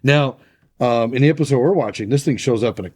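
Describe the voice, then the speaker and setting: A man with a middle-pitched voice chats casually as a podcast co-host. He talks in a relaxed, rambling way and often breaks off and restarts his sentences. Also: quick pace. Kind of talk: casual chat.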